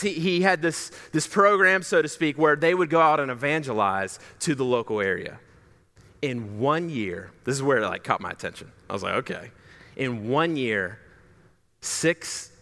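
A young man in his twenties preaching a sermon as a pastor, telling a personal story and animatedly acting out the dialogue. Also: on the high side. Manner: animated, acts out quoted dialogue.

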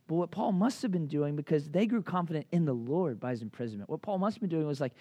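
A man in his thirties delivers a sermon in a loose, chatty way, dropping fillers and asking the room questions. His voice sits high for a man, and the sound is close and dry with no room echo. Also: quick pace, hardly any pauses. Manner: conversational, lively, with many fillers and asides. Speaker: pastor.

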